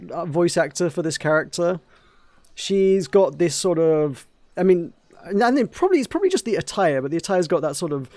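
A man's voice: fairly high pitch, darkish tone, dry recording. A man hosting a let's play, giving casual, rambling commentary with many hesitations. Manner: rambling, hesitant, laughs at the game.

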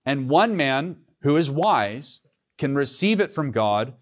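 Male pastor preaching in church, earnest, mid-pitched voice, stops and restarts phrases. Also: sing-song, takes it slowly. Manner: earnest preaching with restarts, reads scripture aloud. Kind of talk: sermon.

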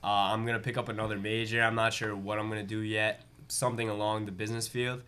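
A young man from Long Island, New York, appears as a college student guest in a casual interview, speaking earnestly and peppering his talk with "like" and "uh." His fairly low voice is level, bright, and forceful, delivered fast and clean.

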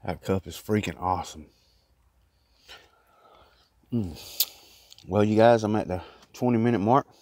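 A man's voice: on the low side, unhurried, pauses often, a little mellow, slight background noise. A man vlogging casually from inside a small closet, rambling in a loose, chatty way while he eats. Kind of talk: casual mukbang chat.

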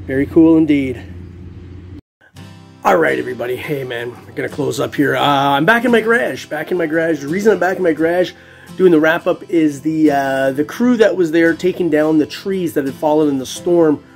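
Upbeat man with a slightly high voice. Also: normal speed, vocal fry, soft background music. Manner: upbeat and chatty, laughs often, keeps calling listeners "man". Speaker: metal detecting vlogger. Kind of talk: casual vlog talk to camera.

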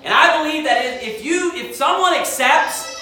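Preacher lady quoting king james bible, kinda high voice, big booming church echo. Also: animated, moderate pace, pushed and bright, soft background music. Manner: fervent, quotes scripture in King James wording. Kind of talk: sermon. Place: church sanctuary. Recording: very echoey church hall, mic at a distance.

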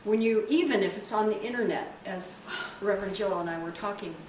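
Woman pastor, emphatic sermon and prayer, drawn-out stresses; roomy, distant recording with faint hiss. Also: mid-range voice. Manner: emphatic, stretches key words for effect. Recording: echoey room, distant mic, faint hiss.

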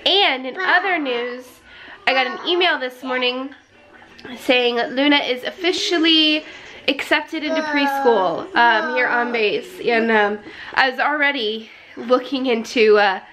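A woman's voice: high voice, measured pace, a crowd in the background. A young woman chatting casually to her camera at home, rambling with lots of fillers. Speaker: vlogger mom. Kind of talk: casual family vlog.

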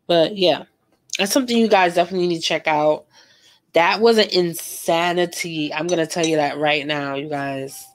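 Woman, young adult, casual painting chat, slang and fillers, slightly low pitch. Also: moderate pace, a little hiss or hum. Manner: chatty and emotional, lots of fillers and slang. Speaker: art vlogger painting live.

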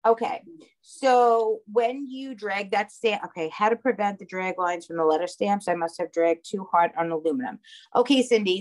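Woman, heavy Long Island accent, craft instructor, chatty live-class delivery. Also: medium pitch. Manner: chatty, checks in with "okay?" and "all right".

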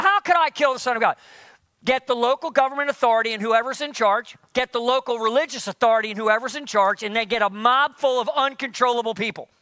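A male pastor with a strikingly high, bright, forceful voice preaches a sermon. He keeps throwing rhetorical questions at the congregation in an animated way. The sound is dry and close. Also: no echo.

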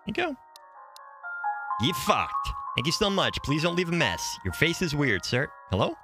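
Crude, lively young male streamer. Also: a little high, normal speed, music in the background. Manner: crude, profane, joking. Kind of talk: casual live gameplay commentary.

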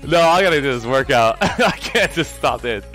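Casting: young male streamer, comedic, loud and animated mid-workout, a bit winded, mid pitch, faint music underneath. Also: normal speed. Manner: joking, loud and animated while exercising.

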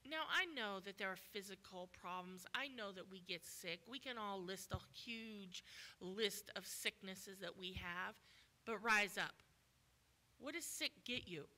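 A woman's voice: mid-range voice, measured pace, sharp tone. A woman guest preacher delivering a sermon with emphatic, repetitive exhortation.

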